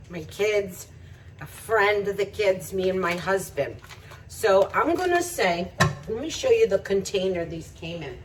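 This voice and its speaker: A woman's voice: medium pitch, recorded from a distance, a little hiss or hum, rough recording. Chatty woman cooking in her kitchen. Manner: chatty, laughs often, talks to viewers while cooking. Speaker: home cooking vlogger. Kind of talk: casual cooking demonstration. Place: home kitchen.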